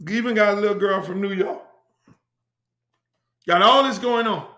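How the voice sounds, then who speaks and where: A brash, profane middle-aged man from Miami tells a story on his own show, circling back to the same phrases again and again. His voice sits high and sounds bright and forceful. The room around him is echoey. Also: normal speed. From Miami, USA. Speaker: host. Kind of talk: casual storytelling monologue.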